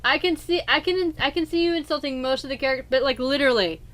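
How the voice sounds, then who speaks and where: A woman's voice: high voice, quick pace, fairly bright tone. A woman hosting a let's play in casual chat, arguing emphatically and rambling through restarts.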